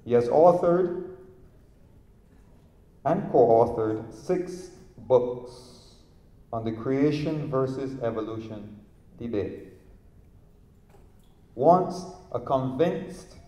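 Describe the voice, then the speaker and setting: A man giving a formal, measured introduction of a guest speaker at a public event. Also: medium pitch, darkish tone. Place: large lecture hall. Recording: echoey hall with long reverb.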